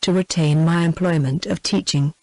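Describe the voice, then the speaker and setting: A synthetic British English woman's voice reading the lines of a shy, earnest young woman pupil in an even, unhurried way. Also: on the low side, no echo, close to an everyday voice, rough recording.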